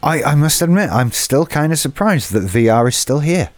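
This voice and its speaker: A man's voice: a little high, lively intonation, moderate pace, no room sound. Chatty sweary man on a podcast. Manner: chatty, swears freely, exasperated asides. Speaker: podcast co-host. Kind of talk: casual chat.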